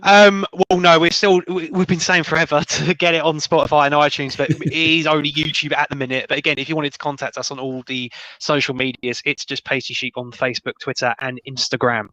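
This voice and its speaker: A man's voice: fairly high pitch, flat delivery, a little fast, few pauses, sharp tone, no echo, rough recording. Laughing podcast guest man, dry sound. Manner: laughs a lot, loose and joking. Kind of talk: casual podcast chat.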